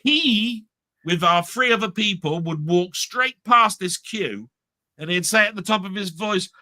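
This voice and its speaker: A man chatting as a guest, telling animated stories and laughing often. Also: high voice, measured pace, no room sound. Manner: animated storyteller, mimics friends in quotes, laughs often. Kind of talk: casual chat, anecdote telling.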